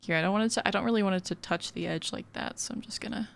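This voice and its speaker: A woman's voice: mid-range voice, rapid-fire, creaky. A woman streamer chatting casually while building in a game, giggly and full of fillers. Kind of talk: casual gaming stream chat.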